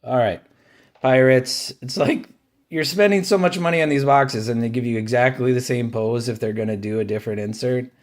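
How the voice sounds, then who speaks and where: A card-collecting channel host opens trading card packs, calmly naming each card and offering dry opinions at an unhurried pace. When he pulls cards from his favorite team, his voice brightens and climbs in pitch.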